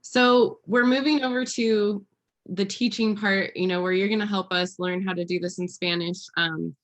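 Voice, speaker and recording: A woman's voice: medium pitch, fairly even intonation, normal speed, a bit bright. A young woman hosting a casual interview, friendly and upbeat, with a giggly laugh. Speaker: host.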